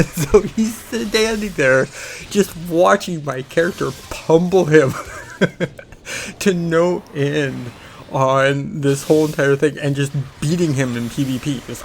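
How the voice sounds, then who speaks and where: A man's voice: on the high side, slow, slight background noise, poor audio. A man hosting a gaming channel, casually telling a story in a rambling way, acting out the quotes.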